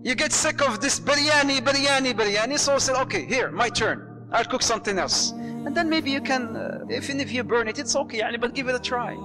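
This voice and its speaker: A man preaching to a live audience. He tells stories in an animated way, acts out the voices and mixes Arabic phrases into his talk. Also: extremely high pitch, brisk, few pauses, long reverb tail, music in the background. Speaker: Islamic preacher.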